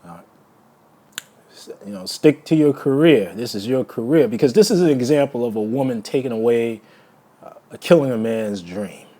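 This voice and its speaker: A man's voice: mid-range voice, animated, normal speed, warm tone. A man giving a heated solo video rant. He repeats words and restarts phrases as he gets emotional. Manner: angry, insulting, repeats words. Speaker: vlogger.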